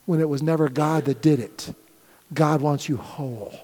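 A middle-aged man preaching a sermon as pastor of his church, swinging from loud shouted appeals down to soft, quiet prayer. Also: on the high side, fairly even intonation, moderate pace. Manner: builds to loud shouted pleas, then drops to soft prayer. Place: church sanctuary. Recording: long hall reverb.

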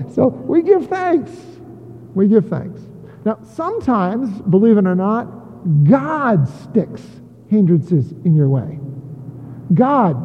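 Pastor guy with a high voice, chatty sermon, cracks jokes, sounds tinny with a long echo. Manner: conversational with joking asides. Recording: tinny phone-like audio with long hall reverb.

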